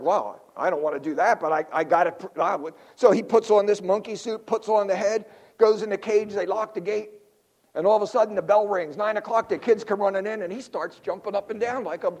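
Pastor guy from south philly, high voice, jokey animated sermon, talks right at the crowd. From South Philadelphia. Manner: animated storyteller, quick asides to the crowd. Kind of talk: sermon with jokes and stories.

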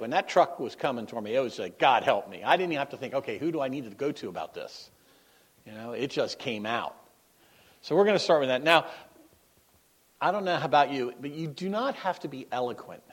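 A middle-aged man preaches in a relaxed, storytelling way, with a voice of average pitch. He breaks into quick laughs, corrects himself mid-sentence, and moves from loud, emphatic lines to quiet, low asides. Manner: conversational and anecdotal, with laughter and self-corrections; swings between emphatic exclamations and quiet asides. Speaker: guest preacher. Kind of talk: sermon.

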